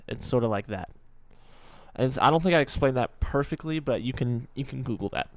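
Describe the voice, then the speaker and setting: A man's voice: mid-range voice, animated, a little fast, gravelly, dry recording. A young man in his twenties hosting a reaction video, chatting casually and stopping to explain and joke.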